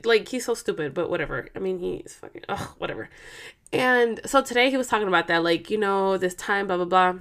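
A woman's voice: mid-range voice, lively intonation, fairly quick, fairly bright tone. A young woman, ranting casually to her viewers at home, rambling and profane. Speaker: vlogger.

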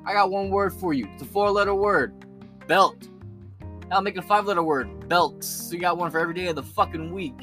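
Bright-voiced young man ranting crudely. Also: fairly high pitch. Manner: crude, joking storyteller with a lot of slang and swearing. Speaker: podcast host. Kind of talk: profane ranting commentary.

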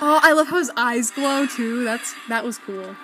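A woman co-hosting a podcast, chatting casually and gushing with giggly excitement while a cartoon plays, without her usual mic. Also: on the high side, moderate pace, over music, low-quality recording. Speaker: podcast co-host. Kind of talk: casual reaction chat while watching a cartoon. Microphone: not their usual mics. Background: cartoon soundtrack playing loudly.

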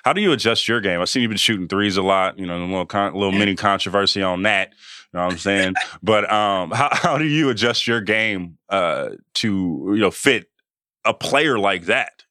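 A man's voice: lowish voice, normal speed, sharp tone, no echo, studio quality. A man hosting a podcast interview in casual chat, joking and teasing his guest playfully. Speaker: podcast host.

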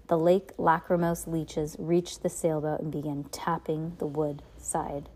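A woman's voice: low-pitched, flat delivery, unhurried, darkish tone, rough recording. A woman reading a novel aloud in a casual way, stumbling and restarting now and then. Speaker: reader.

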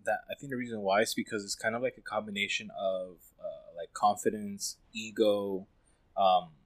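A young man in a casual podcast conversation, rambling quickly and filling his talk with "like" and "you know.". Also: on the low side, fairly even intonation. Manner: fast and rambling, many fillers.

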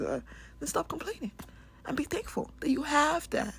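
A woman's voice: sits high, animated, normal speed, a bit bright. A woman hosting a casual spiritual talk, speaking candidly and bluntly, swearing and laughing often. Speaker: spiritual podcast host.

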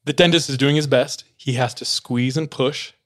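A man spins a story in a relaxed, chatty way. His voice sits in a middle pitch, and he throws himself into the telling, acting out voices and breaking into laughs. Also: normal speed. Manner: animated, acts out quoted voices, laughs while telling. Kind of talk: casual storytelling.

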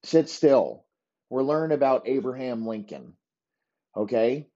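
A man's voice: mid-range voice, lively intonation, a little slow, warm tone, highs cut off. A man hosting a podcast, ranting profanely in a rambling comic monologue. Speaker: podcast host. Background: dogs barking.

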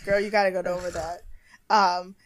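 A woman in her twenties co-hosting a podcast, casually recapping a TV show, animated and swearing freely. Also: on the low side, moderate pace, a crowd in the background. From United States. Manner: animated, swears freely, acts out others in bursts. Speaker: podcast co-host.

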